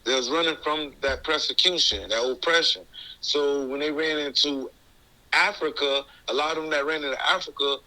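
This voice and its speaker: A man's voice: on the high side, normal speed, pushed and bright, rough recording. A man as an interview guest, talking casually in a loose, rambling way with many restarts and bits of slang. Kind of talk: casual conversation.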